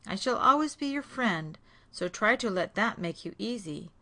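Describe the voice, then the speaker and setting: A woman voicing a kind, timid young heroine in a storybook read-aloud, soft and careful. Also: medium pitch, lively intonation, normal speed. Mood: tender.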